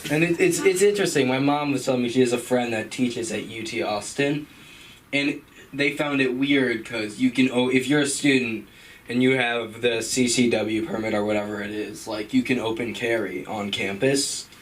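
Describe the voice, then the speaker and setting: A man's voice: mid-range voice, moderate pace. Man rambling through stand-up from afar. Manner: casual, rambling, laughs at own jokes. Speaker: stand-up comedian. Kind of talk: open mic stand-up. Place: comedy club stage. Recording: distant mic, background noise.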